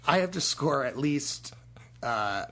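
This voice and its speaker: A man co-hosting a casual gaming podcast, speaking hesitantly and filling his pauses with many "uh"s and "and"s. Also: medium pitch, animated, a bit bright. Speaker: podcast co-host.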